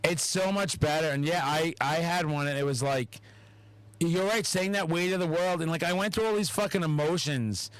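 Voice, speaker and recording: High-voiced, expressive man on a podcast. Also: moderate pace, rough recording. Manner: animated, heavy swearing, acts out quotes. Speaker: podcast host. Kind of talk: casual podcast chat.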